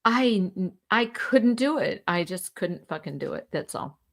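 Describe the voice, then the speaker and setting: A woman's voice: on the low side, expressive, measured pace, creaky. A woman co-hosting a casual chat show over a video call. She is candid and swears, and she laughs often as she talks. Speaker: podcast co-host.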